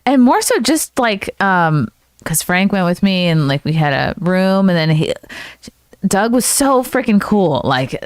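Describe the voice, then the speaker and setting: Lively-voiced woman hosting a comedy chat. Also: lowish voice, clean tone, dry recording, clean studio sound. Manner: bubbly, jokey, quick interjections. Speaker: podcast host.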